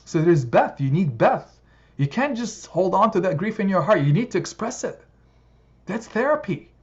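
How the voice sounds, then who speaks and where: A man giving a heartfelt religious lesson to a study circle, expressive and rising to emphatic peaks. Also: moderate pace. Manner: expressive, builds to emphatic high points. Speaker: religious teacher. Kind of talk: sermon-style study circle talk. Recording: slightly dull sound, faint background noise.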